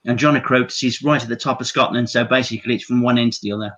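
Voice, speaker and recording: A man's voice: mid-range voice, fairly even intonation, fast talker, a bit bright. A regular panelist on a chat show, bantering easily and calling the others mate. His mid-range voice comes through a dull, lo-fi microphone. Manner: chatty, says mate. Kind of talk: casual banter.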